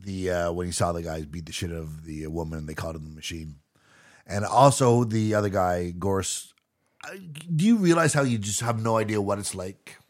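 Halting, playful man in casual chat. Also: low-pitched. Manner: halting, repeats words, playful. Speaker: podcast co-host.

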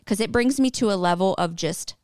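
Woman, podcast guest, casual chat, halting speech, blunt, dry room. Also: medium pitch, a little mellow, clear, resonant tone, no room sound. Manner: halting, stuttery, blunt and profane. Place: living room by a fireplace.

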